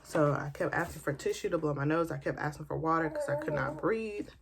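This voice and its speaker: Animated young woman telling a story. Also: low-pitched, brisk, background noise. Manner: animated, colloquial, acts out quotes. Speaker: beauty vlogger. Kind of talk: casual storytime while doing makeup.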